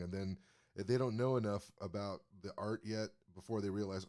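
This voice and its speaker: Low-voiced male comedian co-host, reflective and profane. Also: fairly even intonation, a little fast, a little mellow. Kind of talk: casual chat.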